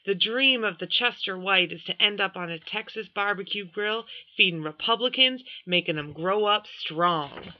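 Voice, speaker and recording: A woman's voice: fairly low pitch, normal speed, few pauses, highs cut off, natural voice. A woman doing a playful teenage boy who mocks in put-on accents. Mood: mock drawl. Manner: teasing, switches into mock accents.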